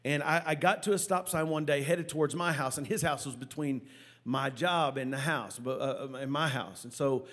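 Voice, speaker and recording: A male preacher delivering a sermon in a fairly high voice, spinning a personal story with lively energy. He stumbles and repeats words as he goes, then surges forward again. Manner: animated storytelling with halting repetitions. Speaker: pastor.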